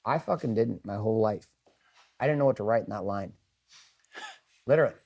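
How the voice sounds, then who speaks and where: A man's voice: fairly low pitch, a little fast, gravelly, lo-fi sound, slight background noise. A middle-aged man leading a group session, talking to the room in a blunt, earnest way. He swears freely and polls the audience for a show of hands. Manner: asks the room questions and polls for raised hands. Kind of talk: candid motivational talk to a group.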